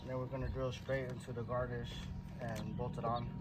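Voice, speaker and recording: A man's voice: mid-range voice, little pitch movement, a little fast, noisy background. A man in a garage workshop, casually explaining a custom car part build step by step, with fillers. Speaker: car body shop builder. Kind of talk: casual how-to narration.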